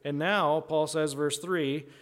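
A man's voice: steady tone, slow. A man preaching a conversational sermon in a teaching tone, often checking in with "right?" and acting out quoted voices. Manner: acts out quoted voices with big pitch jumps.

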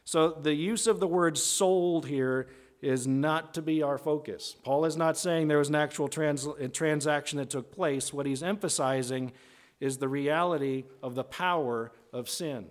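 A man teaching verse by verse through a Bible book, deliberate and emphatic, often checking in with "right?". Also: fairly high pitch. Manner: deliberate, stretches key words, often adds "right?".

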